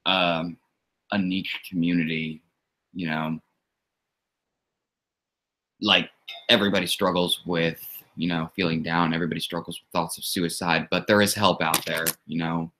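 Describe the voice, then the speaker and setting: A man's voice: deep voice, flat delivery, bright, forceful tone. A man on a livestream speaking earnestly, with many fillers, tearing up as he talks. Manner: halting, many "you know" fillers. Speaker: streamer's roommate, psychology student.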